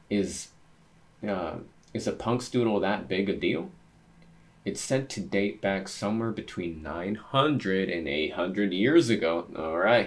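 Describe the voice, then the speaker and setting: A young man reading a manga chapter aloud, thinking out loud and getting excited as he reacts to each panel. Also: sits low.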